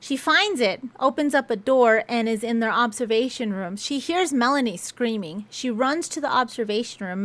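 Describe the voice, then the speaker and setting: A woman's voice: a little high, a bit bright. A young woman chattily recapping a film's plot with sarcastic asides, as a movie reviewer. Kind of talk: casual spoken film recap.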